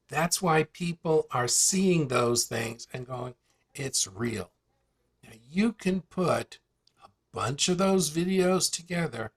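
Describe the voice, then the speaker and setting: A man hosting a live call, walking through a software tool with a chatty sales manner and a string of rhetorical questions. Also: a little high. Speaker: host presenting an online tool demo. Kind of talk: casual live demonstration on a call.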